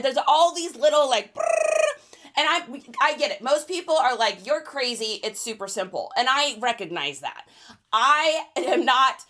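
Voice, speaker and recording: A woman hosting a casual livestream while packing orders, chatty and high-energy. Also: animated, moderate pace, bright, forceful tone. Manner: high-energy, chatty, reads out viewer names. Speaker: reseller livestream host.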